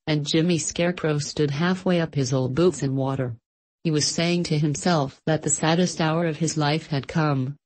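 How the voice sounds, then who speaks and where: A woman narrating a storybook in a calm, even storytelling manner. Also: deep voice, low-quality recording. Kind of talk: storybook reading.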